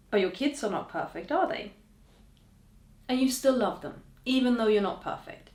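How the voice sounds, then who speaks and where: A woman hosting a podcast, speaking to listeners in a gentle, encouraging way with soft trailing endings. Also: a little high, lively intonation, moderate pace, reverberant. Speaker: podcast host. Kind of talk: reflective podcast monologue.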